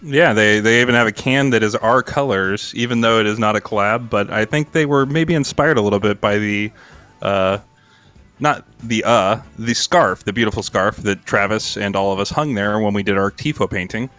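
A man's voice: fairly low pitch, normal speed, a bit bright, clear, resonant tone, faint music behind. A man co-hosting a casual podcast, talking in a rambling, laid-back, self-deprecating way. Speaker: podcast co-host.

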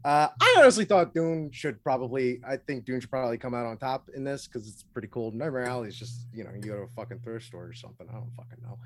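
A man trading jokes on a casual movie podcast, his voice rising and falling with lively swings. His talk is loose, and he swears freely. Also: mid-range voice, quick pace, hardly any pauses. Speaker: podcast co-host. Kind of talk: casual chat.

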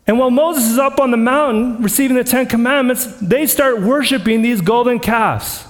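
A man with a very high voice delivers a sermon, earnest and conversational, slipping into the voices of the people in the scripture he quotes. His words ring out with a long reverb from a church sanctuary. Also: moderate pace, hardly any pauses. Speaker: pastor.

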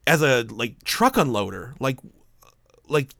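A man's voice: medium pitch, big pitch swings, a little slow, gravelly, fairly bright tone, dry recording, studio quality. A man casually telling a story to a friend, swearing often and laughing as he goes.

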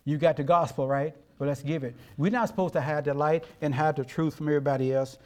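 High-voiced folksy older male preacher. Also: fairly even intonation, quick pace, a little mellow. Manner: folksy, emphatic preaching with rhetorical questions. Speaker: pastor. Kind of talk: sermon.

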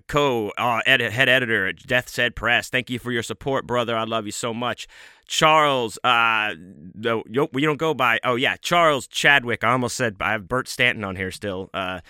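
Chill podcast guy rambling thru shout-outs, super bright edgy voice, smooth and dry. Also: mid-range voice, no room sound. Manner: laid-back, rambling, lots of fillers. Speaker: podcast host.

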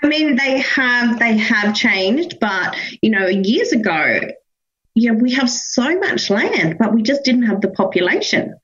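A woman with an Australian accent, a guest HR professional explaining things in a relaxed, casual interview. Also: fairly high pitch, measured pace, dull audio.

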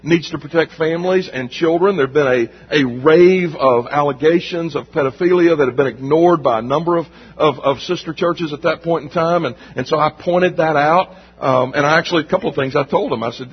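Male pastor, emphatic, repetitive preaching style; slightly raspy, higher register; muffled recording in a reverberant church. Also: a little fast, hardly any pauses. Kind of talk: sermon. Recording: dull recording with long hall reverb.

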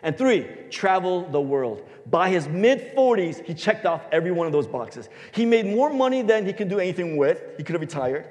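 A man pastor giving a sermon, telling a story and swinging his voice between loud and soft for emphasis. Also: high-pitched, big pitch swings, normal speed, hardly any pauses. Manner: storytelling, varies loudness for emphasis. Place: church sanctuary. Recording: long hall reverb.

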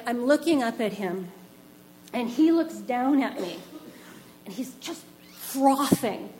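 A woman tells a personal story to a live audience, acting out the moments as she goes. Her voice sits a little high. A faint hum runs under the recording. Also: rough recording. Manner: animated, acts out the scene.

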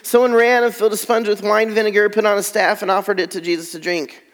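High-voiced man preaching in a reverberant hall. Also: flat delivery, fast, few pauses, fairly bright tone. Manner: reads scripture aloud with dramatic drops to near whispers. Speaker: pastor. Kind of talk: sermon.

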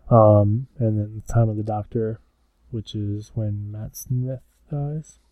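A man's voice: fairly low pitch, steady tone, no room sound, phone-quality sound. A young American man hosting a podcast, chatting casually and joking, with frequent "um" fillers. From United States. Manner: joking, fills pauses with "um". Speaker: podcast host.

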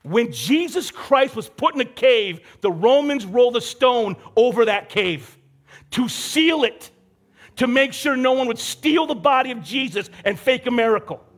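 A young male pastor preaching in a relaxed, conversational way, slipping into the voices of the people in his story. His voice sits high for a man, and he takes his time with his words. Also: a little slow. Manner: conversational, acts out characters in quotes. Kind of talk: casual sermon.

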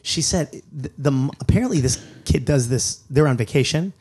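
Husky middle-aged man telling a story. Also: mid-range voice, moderate pace. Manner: animated, acts out characters, many restarts. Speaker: comedian, storyteller. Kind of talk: comic storytelling in conversation.

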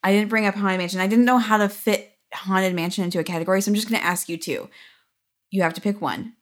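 A woman co-hosting a casual podcast, upbeat and quick to laugh, quizzing her partner with questions. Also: mid-range voice, steady tone. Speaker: podcast co-host. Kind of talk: casual chat.

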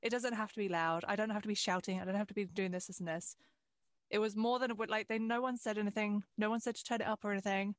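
A woman actor, chatting casually, self-deprecating and quick to swear. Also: medium pitch, fairly even intonation, no room sound, studio quality. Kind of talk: casual chat.

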